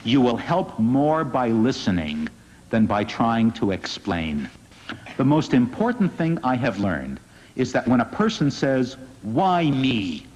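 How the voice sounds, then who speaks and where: Man, rabbi, husky voice, earnest and wry, lo-fi hall recording. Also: medium pitch, very animated, measured pace. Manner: earnest, gently wry storyteller. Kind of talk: inspirational public talk. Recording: dull lo-fi recording in a reverberant hall.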